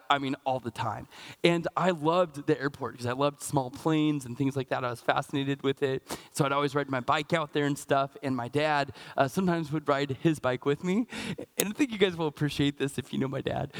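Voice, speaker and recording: A man with an American accent preaching a conversational sermon as pastor, slowing down for scripture readings and filling pauses with frequent "uh"s and restarts. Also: mid-range voice. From Pacific Northwest, United States. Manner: informal, with frequent "uh" fillers and restarts; slows down and stretches out scripture readings.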